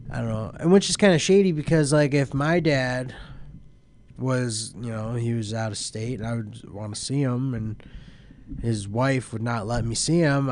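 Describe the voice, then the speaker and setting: A young man hosts a live internet radio show in a loose, rambling way. He sounds tired and keeps yawning, and he drifts from band lists to news items at an easygoing pace with a voice of ordinary pitch. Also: a little mellow, a little hiss or hum. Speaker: host.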